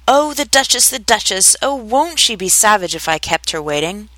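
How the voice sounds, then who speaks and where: A woman voicing a fussy, hurried male rabbit who mutters anxiously to himself in a storybook reading. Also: medium pitch, sing-song, fairly bright tone, no echo.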